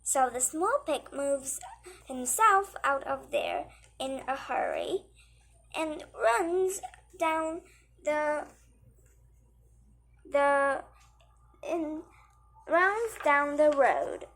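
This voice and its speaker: A woman reading a children's story aloud, halting, with frequent slips and self-corrections. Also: high-pitched, very animated, vocal fry, fairly bright tone.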